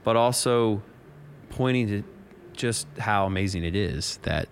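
A man's voice: on the low side, a little slow, vocal fry, a little hiss or hum. A man co-hosting a faith podcast in casual chat, talking in an enthusiastic and reflective way. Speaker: podcast co-host.

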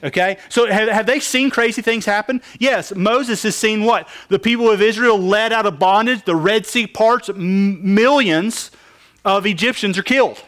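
A man's voice: high voice, normal speed, fairly bright tone. A man preaching a sermon, asking the congregation questions and answering them with emphasis. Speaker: pastor.

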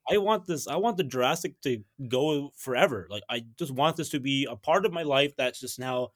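A man's voice: medium pitch, brisk, no echo, clean studio sound. A young man hosting a podcast, chatting enthusiastically and speaking directly to his listeners. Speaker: podcast host. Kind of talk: casual chat.

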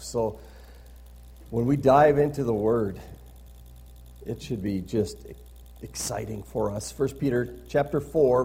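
Mellow husky-voiced man preaching a sermon. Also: medium pitch. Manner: reads scripture aloud with rising emphasis; conversational asides ending in "right?". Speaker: pastor.

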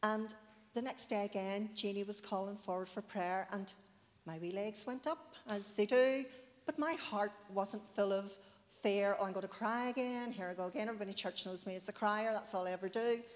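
A woman's voice: mid-range voice, moderate pace. A woman in her forties giving a heartfelt, chatty personal testimony in church, with many asides. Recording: long hall reverb.

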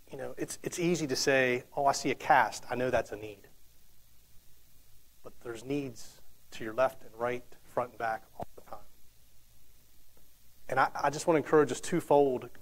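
A man's voice: medium pitch, a little hiss or hum, poor audio. A man in his thirties giving a casual, conversational sermon, telling stories with frequent restarts and fillers. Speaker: preacher.

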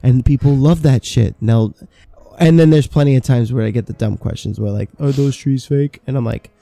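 A man's voice: mid-range voice, fairly quick, vocal fry, dark tone, no echo. A man in his thirties, a podcast co-host, telling stories about old jobs in casual chat, swearing freely. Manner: swearing, storytelling with quoted asides.

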